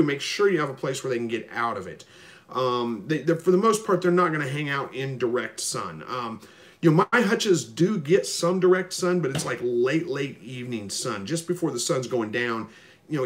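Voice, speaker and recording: A man hosting a live stream, reading viewer comments and answering them in a relaxed, rambling way with lots of ums. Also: mid-range voice. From Missouri. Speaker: livestream host answering viewer questions. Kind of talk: casual live chat, reading comments aloud.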